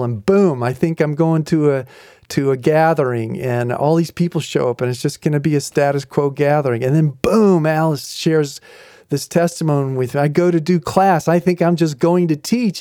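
Mellow-voiced, animated storytelling man. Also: fairly high pitch, normal speed, no room sound, clean studio sound. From New England. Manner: animated, chuckling storyteller who acts out quotes. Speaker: podcast host. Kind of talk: faith-based storytelling talk.

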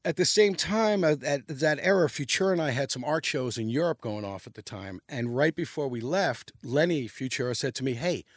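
Speaking fairly quickly with hardly any pauses, a medium-pitched man is heard in studio quality with no room sound. The middle-aged New York native is a podcast guest, animatedly telling rambling, profane stories in casual conversation.

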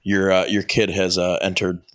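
Lowish-voiced joking young man. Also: flat delivery, normal speed, a bit bright. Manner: joking, breaks into laughter. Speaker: podcast co-host and stand-up comic. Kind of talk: casual chat.

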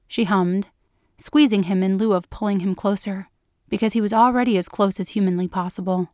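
A woman narrating a written story in a slow, measured reading. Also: mid-range voice, steady tone, a little mellow, no echo, studio quality.

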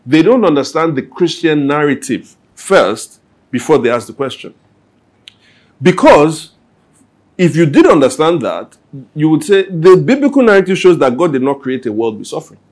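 A man's voice: a little high, very animated, normal speed, a little mellow. A man answering questions at a church Q&A, talking conversationally and acting out everyday scenes. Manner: conversational, acts out everyday scenes with little quoted voices. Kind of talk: Q&A talk.

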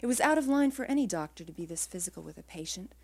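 A woman writer reading her own literary prose aloud in a quiet, measured way, her phrases trailing off softly. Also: on the low side, expressive, gravelly.

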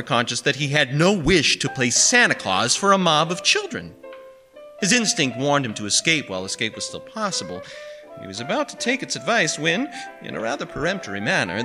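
A man reading a story aloud in a wry, measured narrating manner. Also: medium pitch, pushed and bright. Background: music.

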